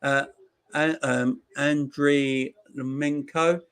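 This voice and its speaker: A man hosting a live football watchalong, chatting casually, reading out viewer messages and repeating his shout-outs. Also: medium pitch, steady tone, extremely slow, vocal fry, clear, resonant tone. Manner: rambling, repeats phrases. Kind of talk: casual live-stream chat.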